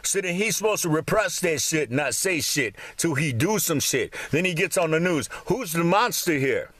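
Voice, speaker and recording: A man's voice: on the high side, lively intonation, normal speed, fairly bright tone, no echo. Profane ranting man, dry close sound. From Michigan. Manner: profane, swearing heavily, rambling. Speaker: vlogger. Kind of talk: angry ranting monologue. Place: cold home room in winter.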